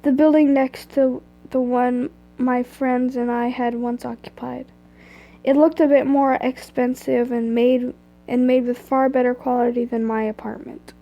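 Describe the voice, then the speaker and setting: A young woman casually reads fan fiction aloud on a live stream, stumbling over words and breaking off into asides. Her high voice has a flat, unhurried delivery, and the audio sounds dull, as if from a phone or computer mic.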